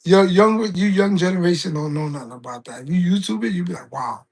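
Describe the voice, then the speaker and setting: A man's voice: sits high, fast. A man, chatting casually on a live stream and rambling through stories full of fillers and restarts. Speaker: game streamer.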